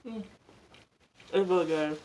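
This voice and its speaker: A woman's voice: fairly low pitch, a little slow, dark tone. A young woman in a casual, rambling chat while she eats, using "like" a lot. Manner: chatty, rambling, lots of "like". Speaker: mukbang vlogger.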